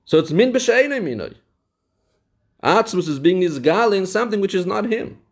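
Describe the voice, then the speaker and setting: A man's voice: high-pitched, animated, moderate pace. A man teaching a Torah text lesson. He reads Hebrew passages aloud, then explains them in English mixed with Hebrew and Yiddish terms, repeating key phrases for emphasis. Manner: repeats phrases for emphasis, with sing-song study cadence. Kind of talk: Talmudic-style text lesson.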